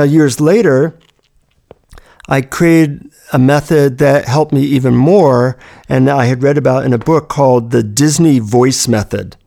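A man's voice: medium pitch, gravelly, dark tone. A man giving a reflective self-help talk, telling personal stories about handling negative thoughts.

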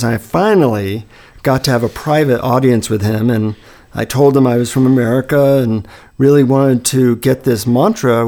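A man hosting a conversation, telling a personal story in a relaxed, anecdotal way. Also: medium pitch. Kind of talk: casual storytelling chat.

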